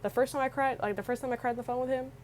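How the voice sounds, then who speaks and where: A woman's voice: sits high, steady tone, very fast, a little mellow, slight background noise, low-quality recording. A young woman on the verge of tears, rambling through a personal story with many restarts and filler words. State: tearful, close to crying. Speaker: vlogger. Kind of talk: emotional storytelling.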